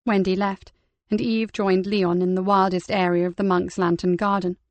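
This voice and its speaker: A woman narrating a crime novel audiobook in a calm, even storytelling manner. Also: mid-range voice, moderate pace, dry recording.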